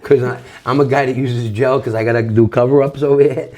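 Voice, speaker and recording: A man's voice: mid-range voice, fairly even intonation, fairly quick, darkish tone. A man, reminiscing casually as a guest, blunt and brief. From Brooklyn. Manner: blunt, short agreeing remarks. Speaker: guest, uncle.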